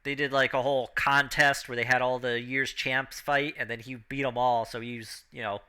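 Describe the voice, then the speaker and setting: A man narrating as game master of a tabletop game, acting out the crowd and announcer in an animated way. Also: mid-range voice, moderate pace, smooth.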